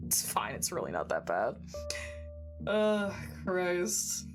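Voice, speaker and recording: A woman's voice: on the low side, wildly swooping pitch, very slow, pauses often. A woman streamer chatting casually while playing a game, giggling often and swearing freely, her throat phlegmy and congested. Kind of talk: casual chat while gaming. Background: game music.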